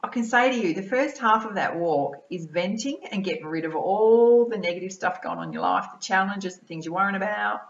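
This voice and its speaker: An Australian woman, a mind-body-soul balance coach, giving an energetic, chatty motivational talk to camera and tacking "right?" and "yeah?" onto her sentences. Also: medium pitch, brisk, hardly any pauses, roomy sound, lo-fi sound. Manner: energetic, chatty, keeps adding tag questions like "right?" and "yeah?".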